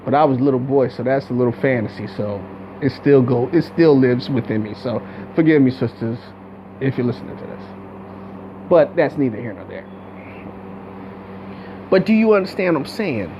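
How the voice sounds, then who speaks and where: A man's voice: mid-range voice, animated, moderate pace, long pauses, lo-fi sound, a little hiss or hum. A man giving a blunt, profane, rambling commentary rant with many restarts. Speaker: video commentator.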